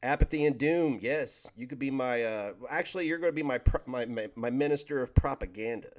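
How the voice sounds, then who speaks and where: A man's voice: mid-range voice, fairly quick. Rambling, joking man chatting on stream. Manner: rambling, joking, stumbles over words. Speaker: livestream host reading chat. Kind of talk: casual livestream chat.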